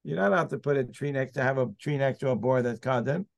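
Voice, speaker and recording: Gravelly man teaching Talmud. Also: medium pitch, fast. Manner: emphatic, argues by restating points. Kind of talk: Talmud study discussion.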